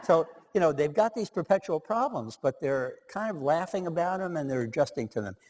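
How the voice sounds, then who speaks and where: A man's voice: fairly high pitch, animated, brisk, a little mellow, slight background noise. A man lecturing about relationship research in a casual way with many fillers, in a hall with long reverb. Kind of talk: lecture presentation.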